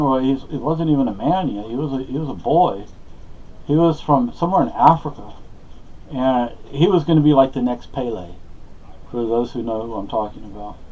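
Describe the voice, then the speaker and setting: Casual vlogger, man, mid-pitched, hesitant and rambling, muffled home recording. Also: dark tone. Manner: rambling, hesitant, many fillers and restarts.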